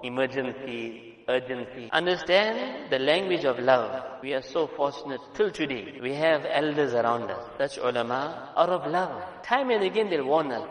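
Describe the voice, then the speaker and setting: An earnest male preacher delivers a sermon with emphatic swings between hushed lines and loud ones. His voice sits a little high for a man. The sound rings through a large hall with a long, roomy reverb. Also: expressive, moderate pace. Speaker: Islamic preacher.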